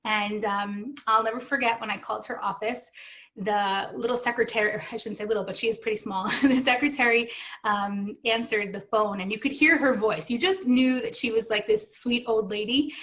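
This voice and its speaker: A woman in her thirties tells her personal story in a fairly high voice. She is earnest and emotional, and she acts out the voices of the people she quotes. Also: steady tone, moderate pace, a bit bright. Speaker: guest telling her story.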